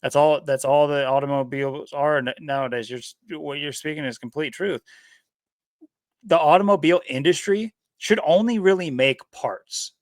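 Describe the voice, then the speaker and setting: A man's voice: a little high, no echo, clean studio sound. Rambling man co-hosting a podcast. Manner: rambling, animated, laughs often. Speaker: podcast co-host. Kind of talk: casual chat.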